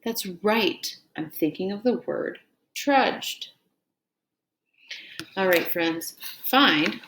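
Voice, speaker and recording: A woman with a mid-range, slightly bright voice leads an elementary reading lesson, prompting the children item by item with "what word?" and praising their answers. She is patient and encouraging throughout this scripted drill, then carefully reads a story aloud.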